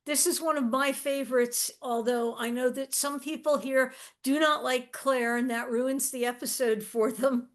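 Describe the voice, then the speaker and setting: Woman panelist, fairly high voice, eager and gushing in casual chat. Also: steady tone, moderate pace, few pauses. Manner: enthusiastic, warm-hearted praise.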